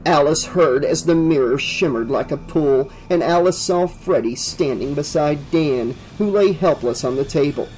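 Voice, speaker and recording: A man reading a horror novel aloud as an audiobook, in a steady, vivid storytelling manner. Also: fairly high pitch, moderate pace, hardly any pauses, faint music behind, low-quality recording. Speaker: audiobook narrator.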